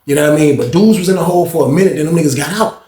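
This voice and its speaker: A man's voice: a little high, very fast, mellow. A man casually telling a story full of slang and profanity, talking straight to his viewers in a roomy echo.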